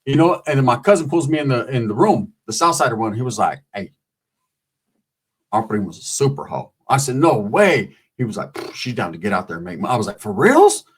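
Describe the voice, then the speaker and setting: A man telling a comic story in a casual, profane, slangy way, breaking into squeaky voices when he quotes people. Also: very animated, fairly quick, husky.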